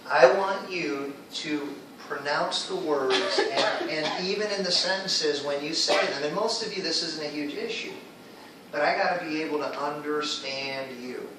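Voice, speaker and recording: A man's voice: on the high side, measured pace, far from the mic, noisy background. Guy teaching english class, keeps asking okay? right?, recorded from across a big echoey room. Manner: explains patiently, checks in with students often. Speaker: ESL teacher.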